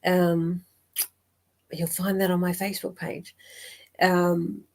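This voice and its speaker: Slow and creaky, with a fairly low, level voice, this woman from Australia gives readings on a psychic live stream while chatting with viewers. She rambles warmly and giggles, laughing often, full of fillers and restarts.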